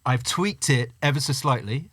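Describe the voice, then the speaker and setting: Brisk man, dry close sound. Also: medium pitch, fairly bright tone, dry recording. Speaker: podcast host. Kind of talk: casual chat.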